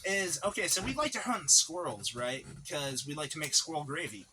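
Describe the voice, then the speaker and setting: A man's voice: on the high side, lively intonation, normal speed, background noise. A man co-hosting a podcast, telling long rambling stories in casual chat, packed with fillers and swearing. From Native American reservation community. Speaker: podcast co-host. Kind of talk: casual storytelling.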